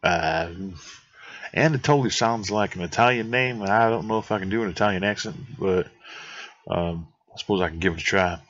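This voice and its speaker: A man's voice: fairly low pitch, normal speed, fairly bright tone, no room sound. A man giving offhand, self-deprecating commentary while playing a video game. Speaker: gameplay commentator. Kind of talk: casual let's-play commentary. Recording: dull dry lo-fi mic.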